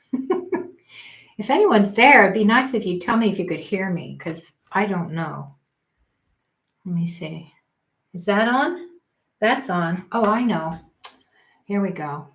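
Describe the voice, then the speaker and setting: Older woman, astrologer, unhurried, low-ish voice, chatty livestream talk, thinks aloud. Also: fairly bright tone. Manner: chatty, thinks aloud, self-deprecating about tech. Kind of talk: casual livestream chat.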